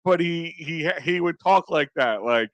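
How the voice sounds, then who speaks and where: Guy cohosting a sports pod, kinda high voice, dry studio sound, talks with lots of "like". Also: expressive, unhurried, no echo. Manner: emphatic, many fillers. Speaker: podcast co-host. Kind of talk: casual sports talk.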